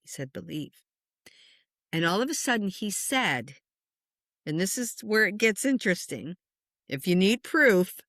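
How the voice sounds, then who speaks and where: A middle-aged woman, a spiritual medium, telling a personal story in conversation with lots of lively swings and chuckles. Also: on the low side, no room sound, studio quality. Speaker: spiritual medium and meditation teacher.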